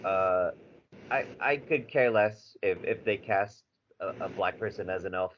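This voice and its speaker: A man co-hosting a podcast in casual chat, animated and rambling, swearing freely with lots of fillers. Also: fairly low pitch, measured pace. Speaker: podcast co-host. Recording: slightly dull audio with faint background noise.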